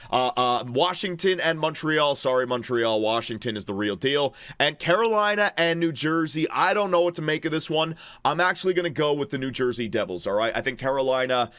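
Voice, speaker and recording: A man with a slightly high voice talks through his hockey picks in a chatty, excitable way, thinking aloud and addressing his viewers directly. The sound is dry and close, with no room around it. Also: no echo. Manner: excitable, with sudden outbursts and stammered restarts. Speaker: hockey channel host. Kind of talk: casual sports commentary while filling out a bracket.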